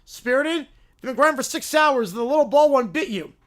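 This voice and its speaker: A man's voice: very high voice, expressive, fast talker, voice pushed up. A man voicing a stern, scheming old mother giving her son orders. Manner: stern, commanding.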